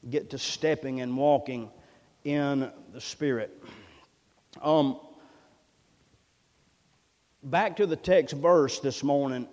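A man preaching a sermon in a folksy way, building up to loud, emphatic peaks. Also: mid-range voice. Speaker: pastor. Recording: long reverb in a church hall.

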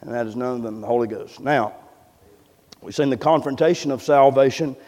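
A man preaching a sermon in a church, moving from hushed, low passages to loud, fervent ones. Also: a little fast, in a large hall. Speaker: pastor. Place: church sanctuary.

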